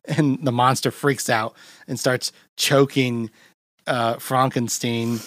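A man hosting a podcast, chatting loosely about a film and jumping into quoted lines in a higher voice. His pitch sits at an ordinary middle, and the sound is dry and close, with little room around it. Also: little pitch movement, takes it slowly, fairly bright tone, no echo. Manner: loose and rambling, acts out quotes in a raised voice. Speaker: podcast host. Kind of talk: casual chat recapping a film.

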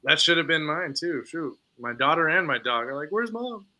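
A man's voice: fairly high pitch, brisk, sharp tone. A man co-hosting a podcast, chatting casually and laughing often. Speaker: podcast co-host. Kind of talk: casual chat.

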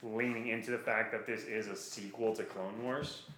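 A man co-hosting a podcast in casual chat, animated and playful, going off on rambling asides. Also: on the low side, normal speed, a little hiss or hum. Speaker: podcast co-host. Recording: roomy echo. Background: dog heard at times.

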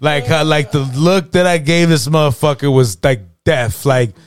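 A man's voice: fairly high pitch, normal speed, clear, resonant tone, no room sound. A man on a podcast telling a story in casual chat, slangy and profane, forever asking "you know what I mean". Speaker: podcast co-host.

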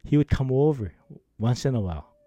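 This podcast host speaks briskly in a slightly rough, mid-range voice, captured in a dry recording. He rambles through casual stories, laughs a lot, and brings quoted lines to life by acting them out with animation.

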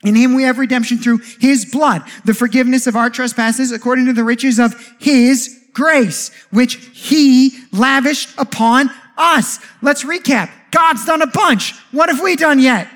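A man preaching a sermon as pastor, animated, with jokey asides and rhetorical questions. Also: very high voice, a little slow, few pauses.

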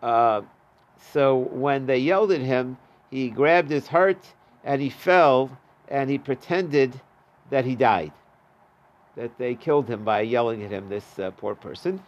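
A man's voice: medium pitch, a little slow, lo-fi sound. A man teaching a Talmud class, reading the Aramaic and translating it in a casual, chatty way. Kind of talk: daf yomi Talmud class.

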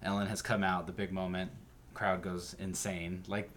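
Man recapping an episode in steady tones. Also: low-pitched, normal speed. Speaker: podcast host. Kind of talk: casual podcast chat and recap.

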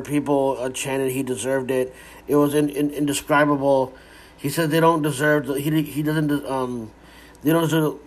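A man giving a casual, rambling recap of a wrestling show, with frequent restarts and some swearing. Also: medium pitch.

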